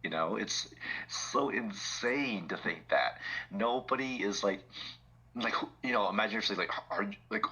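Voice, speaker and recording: A man's voice: on the low side, animated, moderate pace, bright, forceful tone, breathy edge, poor audio. A man co-hosting a podcast in casual political chat, laughing often and using many filler words. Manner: chuckling often, lots of "like" fillers. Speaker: podcast co-host.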